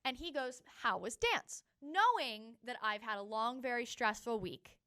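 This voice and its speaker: A young woman co-hosting a podcast, telling a story in a casual, animated way and acting out what people said. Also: on the high side, moderate pace, clear, resonant tone. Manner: animated, laughing, acts out quotes. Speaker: podcast co-host.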